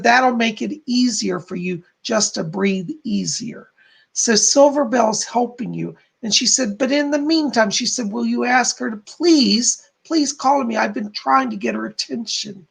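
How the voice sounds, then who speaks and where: Male psychic medium host; gravelly, husky tone, gentle delivery on a live stream. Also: very high-pitched, normal speed. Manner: soft, relaying spirit messages, warm thanks to donors.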